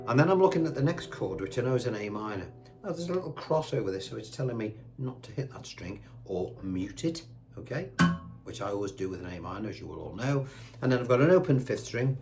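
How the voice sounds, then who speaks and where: A man teaching guitar with a chatty, patient manner, counting the beats out loud slowly while he plays. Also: mid-range voice, animated. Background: guitar playing.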